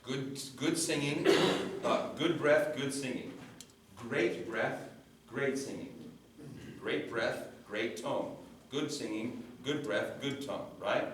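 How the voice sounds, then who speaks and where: A man's voice: mid-range voice, a little hiss or hum. A man coaching a choir, explaining vowel shapes and breathing and singing short examples to demonstrate. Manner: demonstrates vowels by singing, gives quick cues. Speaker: vocal coach. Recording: echoey rehearsal hall from a distance.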